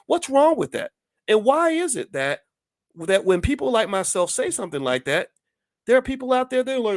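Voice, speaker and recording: A man's voice: sits high, very animated, moderate pace, dry recording, clean studio sound. A man hosting his own channel, delivering an impassioned opinion monologue full of emphatic rhetorical questions. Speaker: channel host.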